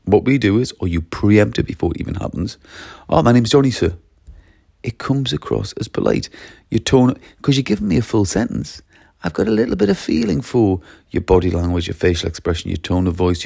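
A man with a low, heavily gravelly voice and a husky edge. He argues with emphasis, piling up rhetorical questions and acting out pupils' answers. The sound is dry and close. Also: a little mellow, no room sound. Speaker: education commentator. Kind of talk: opinionated talk to camera.

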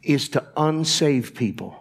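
A man preaches in a church with a voice that sits a bit higher than most men's. He speaks straight to the congregation and keeps asking them to answer him. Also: expressive, unhurried, gravelly. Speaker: pastor. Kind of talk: sermon. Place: church sanctuary.

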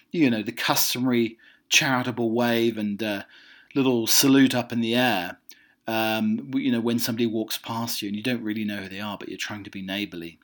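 A middle-aged man chatting casually and wryly, rambling through his thoughts and reading out a list. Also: mid-range voice. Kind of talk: casual chat.

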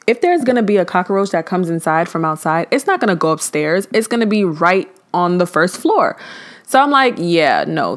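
A young woman vlogger with a lowish, clean-toned voice tells a dramatic story in a casual, animated way, voicing the people involved.

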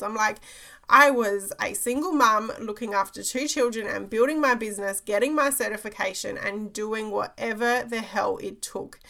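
A woman's voice: a little high, moderate pace, bright, forceful tone. A woman, a business coach giving an emphatic motivational talk, repeating phrases and checking in with "okay?".

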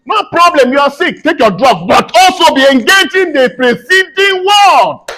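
A man's voice: high voice, vocal fry, a bit bright, rough recording. A man preaching a sermon in church, emphatic and repetitive, asking the congregation to fill in his questions.

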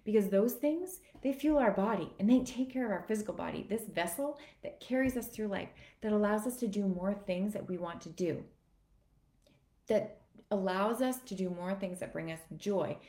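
Woman, 30s, fitness coach; mid-pitched, earnest and emotional, roomy echo. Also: moderate pace, warm tone. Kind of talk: motivational live video talk. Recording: echoey room.

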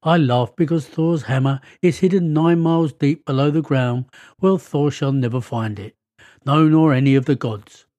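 A man's voice: a little high, moderate pace, mellow, dry recording, lightly acted. A man voicing a gloating male frost giant king in a read-aloud myth.

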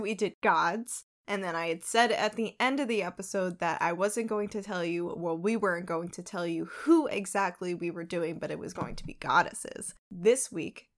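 A woman's voice: lowish voice, a bit bright. A young woman with a New York accent co-hosting a casual podcast, chatty and self-deprecating. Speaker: podcast co-host. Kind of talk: casual chat.

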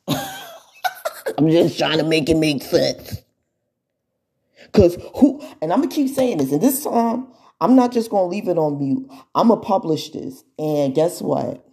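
A woman's voice: lowish voice, takes it slowly, long pauses, slightly rough. A woman influencer talking casually and animatedly to her viewers, laughing often and mimicking what people will say about her. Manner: animated, laughing often, mocking imitations of others. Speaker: social media influencer.

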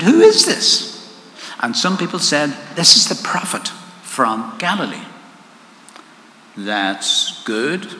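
Man, preacher, sermon, conversational, repeats words, bright tone, echoey hall. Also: mid-range voice. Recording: echoey hall with faint noise.

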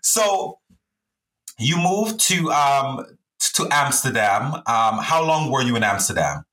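A man with a mixed Caribbean accent hosts a casual podcast chat. His voice is bright and forceful, and the room behind it is echoey. He laughs easily and often cuts in with short reactions. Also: mid-range voice, big pitch swings. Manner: quick to laugh, interjects often. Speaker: podcast host.

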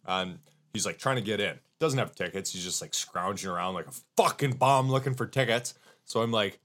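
A man co-hosting a podcast tells rowdy anecdotes in casual chat. His pitch swings widely as he acts out other people's lines. He swears often. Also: a little fast. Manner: profane, animated storyteller, mimics people. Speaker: podcast co-host.

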